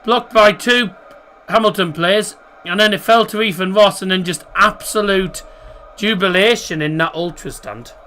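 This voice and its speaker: A man's voice: high-pitched, normal speed, sharp tone. A man hosting a live football watchalong stream, chatting casually and rambling to his viewers as he comments on the match.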